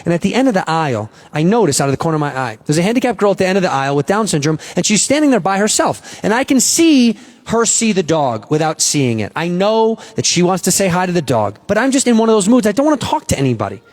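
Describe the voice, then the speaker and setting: A man's voice: high voice, fast. A man telling a long stand-up story on stage, acting out the voices of the people in it. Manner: animated, acts out voices in his story. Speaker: stand-up comedian.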